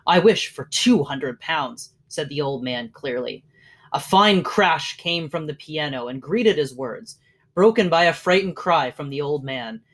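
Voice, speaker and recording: Measured storyteller with trailing lines. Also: mid-range voice, lively intonation, a bit bright. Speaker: narrator. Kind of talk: scripted story narration.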